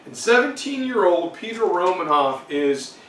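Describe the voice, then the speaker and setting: A man's voice: sits high, sing-song, moderate pace, fairly bright tone. Casual man giving a history review. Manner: casual, digressive, many fillers. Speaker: history teacher. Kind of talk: exam review lecture. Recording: roomy, distant mic, faint noise.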